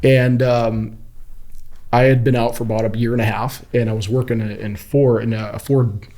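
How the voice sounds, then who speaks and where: A man from Kuwait in his thirties, a podcast guest telling stories in a casual, animated way and acting out the quoted voices. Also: mid-range voice, normal speed. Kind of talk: casual storytelling interview.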